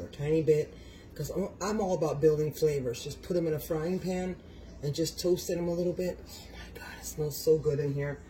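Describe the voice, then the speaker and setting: A man's voice: a little high, mellow, a little hiss or hum, low-quality recording. Effusive man cooking at home. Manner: effusive, exclaims often, talks to viewers. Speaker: home cook vlogger. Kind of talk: casual cooking demonstration. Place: home kitchen.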